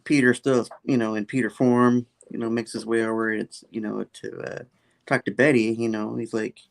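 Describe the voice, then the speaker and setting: A man with a gravelly, fairly low voice talks through a comic recap in a loose, rambling way. He leans on fillers and keeps slipping into quick "he's like" quotes of the characters. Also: level tone. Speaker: comic book reviewer.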